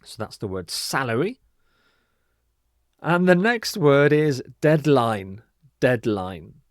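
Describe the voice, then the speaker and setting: A man teaching an English vocabulary lesson, speaking slowly and repeating words with careful, emphatic pronunciation. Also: on the high side, very animated, no room sound, studio quality.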